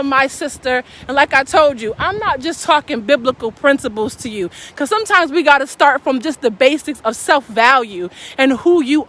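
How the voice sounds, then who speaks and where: A woman's voice: sits high, fairly bright tone. A woman giving a fervent, preaching-style live stream talk, calling out to her audience as a faith speaker.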